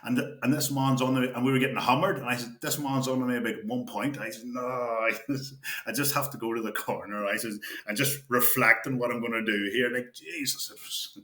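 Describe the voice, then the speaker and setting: A middle-aged man tells old stories in a casual podcast chat. His voice sounds bright and forceful, and it carries a roomy echo. He often halts and restarts his sentences and laughs as he goes. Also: medium pitch, fairly even intonation. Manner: halting, frequent restarts, laughs while telling stories. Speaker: podcast guest, former player. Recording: echoey room.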